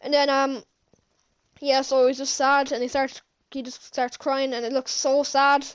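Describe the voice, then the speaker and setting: A woman giving an excited, rambling movie recap as a vlogger, gushing, with lots of fillers and restarts. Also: high voice, measured pace.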